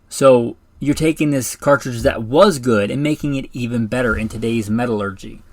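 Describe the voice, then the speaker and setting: A man's voice: medium pitch, no room sound. A man hosting a firearms show, talking casually and enthusiastically, rambling a little and correcting himself. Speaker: firearms podcast host. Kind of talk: casual solo talk about rifles.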